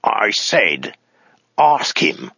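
A brutal soldier, played by a male storyteller, barks and snaps his orders. His voice sits fairly low and sounds rough. The recording is dry and dull. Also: slow, sharp tone, no room sound, exaggerated voice. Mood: harsh. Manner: barking, snapping, hissing.

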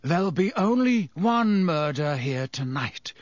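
A man voicing a gaunt escaped male prisoner with a hoarse, croaking voice, slow and menacing. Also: a little high, animated, dry recording, studio quality. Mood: quiet menace.

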